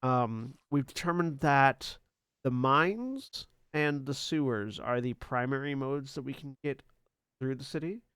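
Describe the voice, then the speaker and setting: A brisk young woman commander, as a game master voices her, laying out a situation in a plain, matter-of-fact way. The voice stays at an ordinary middle pitch and sounds smooth and clear. It is recorded dry, right at the mic. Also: fairly bright tone, no echo, lightly acted. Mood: businesslike. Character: young adult female military commander, brisk and businesslike.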